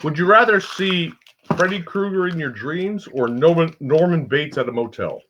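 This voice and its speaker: A man's voice: fairly high pitch, lively intonation, fairly bright tone, a little hiss or hum. Blunt, profane man with a dull lo-fi sound. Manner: blunt and profane, quick reactions. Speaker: co-host asking would-you-rather questions. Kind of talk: casual comedy chat.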